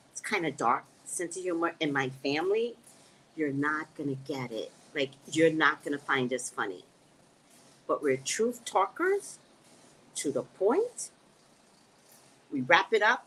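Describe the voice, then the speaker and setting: A woman's voice: deep voice, measured pace, a little hiss or hum. A woman hosting a casual live stream, reading viewer comments aloud and answering them in a blunt, joking way. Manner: blunt, joking, lively, laughs often.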